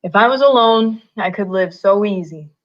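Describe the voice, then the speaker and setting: A woman voicing a weary, tough ranch hand who speaks flatly and quietly, in a slightly muffled recording. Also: medium pitch, normal speed, close to an everyday voice. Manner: flat, quiet, terse.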